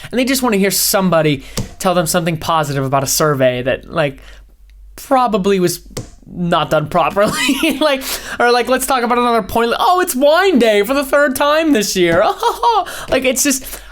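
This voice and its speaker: A young man who hosts a podcast and used to be a radio DJ rants solo in a fast, high-energy, casual ramble packed with "like" fillers.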